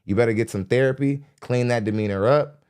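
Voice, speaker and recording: Speaking fairly quickly in a darkish, clear, resonant voice, a young adult man rants on his podcast about a dating show. The commentary is blunt and mocking, punctuated by laughter and high squeaky impressions of others, all captured on a studio mic.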